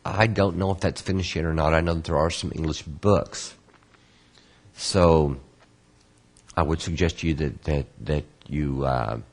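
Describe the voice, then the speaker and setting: A man teaching an online course, patiently answering student questions and explaining terms slowly with repetition. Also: extremely low pitch, darkish tone. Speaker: Kabbalah course instructor.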